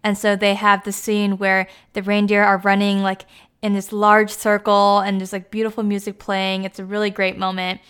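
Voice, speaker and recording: Woman with a smooth clear voice, chatty recap, says like and you know a lot. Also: medium pitch, monotone, moderate pace, fairly bright tone. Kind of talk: casual plot recap.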